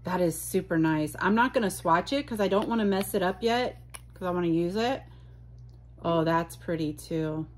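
A woman's voice: fairly low pitch, moderate pace. A woman vlogger chatting casually as she unboxes mail, gushing and exclaiming often. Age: adult.

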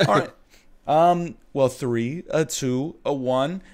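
A man in his thirties, co-hosting a casual stream chat over a voice call, excitable and quick to laugh. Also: medium pitch. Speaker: streamer co-host.

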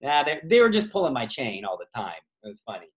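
Here the Canadian tour guide and trivia host talks in a mid-range, sing-song voice at a fast clip. Hosting travel trivia over a video call, he drifts through tangents loaded with fillers.

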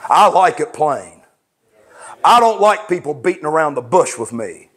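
A man pastoring a congregation, his voice sitting high for a man. He preaches plain and fervent, sliding from low, confiding talk into raised, shouted lines. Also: expressive, normal speed, breathy edge. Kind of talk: sermon. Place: church.

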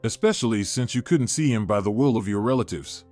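A man voicing a kind older woman caregiver who gives gentle but confident advice, in a plain storybook reading. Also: lowish voice, expressive, fairly quick, faint music behind, close to an everyday voice. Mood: caring.

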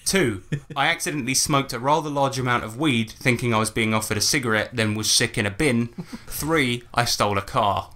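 A British man co-hosting a comedy podcast, telling stories in a jokey quiz-show way with deadpan disclaimers. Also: medium pitch, fairly quick, few pauses. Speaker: podcast co-host. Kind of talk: casual comedic podcast chat.

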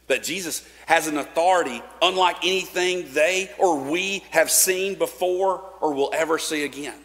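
A man's voice: fairly high pitch, moderate pace, a bit bright. A man preaching a sermon in a casual, conversational way, with fillers and restarts. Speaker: pastor. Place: church sanctuary. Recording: long church reverb.

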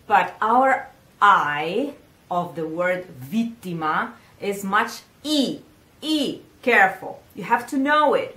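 A woman with an Italian accent, a singing teacher, giving a patient pronunciation lesson and repeating words slowly. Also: mid-range voice, fairly bright tone. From Italy. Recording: echoey room.

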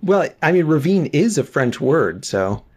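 A man's voice: fairly high pitch, very animated, a little slow, slightly rough. A man co-hosting a podcast in casual chat, with dry, wry humor. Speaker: podcast co-host.

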